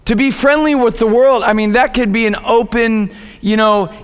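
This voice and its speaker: A man's voice: very high voice, steady tone, moderate pace, clean tone. A man preaching a sermon as pastor, in a conversational way, often repeating words as he goes. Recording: echoey hall.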